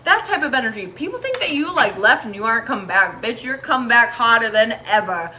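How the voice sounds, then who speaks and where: A woman's voice: a little high, sing-song, brisk, pushed and bright. A woman giving a casual tarot reading, talking straight to viewers in a candid, chatty way with plenty of swearing. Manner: talks straight to viewers, encouraging. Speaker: tarot reader.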